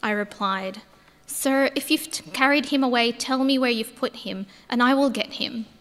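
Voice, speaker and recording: A woman's voice: on the high side, moderate pace, a bit bright. A woman acting as Mary Magdalene, reading a heartfelt first-person account in a church. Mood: awed, tearful. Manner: earnest, heartfelt storytelling. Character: Mary Magdalene, grieving then overjoyed woman disciple. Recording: echoey church hall.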